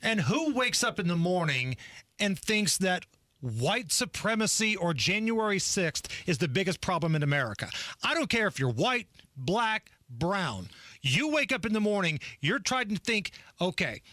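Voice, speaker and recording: A man's voice: sits high, very animated, normal speed, bright, forceful tone, dry recording. A man co-hosting a political talk radio show, delivering sarcastic, emphatic rants to his co-host from a studio microphone.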